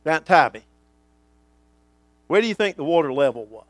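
A male pastor preaching a sermon, swinging from booming lines to hushed ones and acting out the voices he quotes. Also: sing-song, rapid-fire, dry recording.

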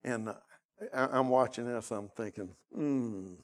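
In a church sanctuary, a male pastor shares an emotional personal story during his sermon, then presses the congregation with urgent questions and a prayer. His mid-range voice keeps a fairly even intonation at a moderate pace.

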